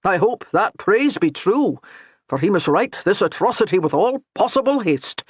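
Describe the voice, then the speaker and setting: Guy doing a dour scottish priest w/ thick brogue, needling, pitched up and louder. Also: sing-song, moderate pace, husky, full character voice. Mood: baiting. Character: mocking Highland priest, dour man.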